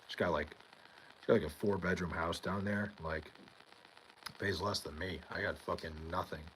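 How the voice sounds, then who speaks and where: A young man with a deep, low voice hosts a casual livestream from home. He rambles, swears freely and answers his chat by name. A faint hiss of noise sits under the recording. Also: steady tone, moderate pace, a bit bright, poor audio. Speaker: livestream host reading chat. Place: home in New York.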